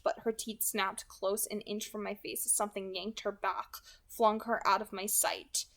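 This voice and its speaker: A young woman hosting her channel and reading a novel aloud in steady, earnest narration. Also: medium pitch. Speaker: audiobook reader.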